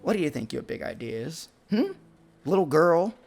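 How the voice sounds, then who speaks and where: A man's voice: fairly high pitch, very animated, normal speed, creaky, a little mellow, pitched above the performer's own voice, full character voice. A snappish, irritable shopkeeper barks at customers, as a man puts the figure on. The voice sits raised and pushy, with faint music behind. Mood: mocking. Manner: snappish, grumbling. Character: cranky busy fantasy shopkeeper, irritable.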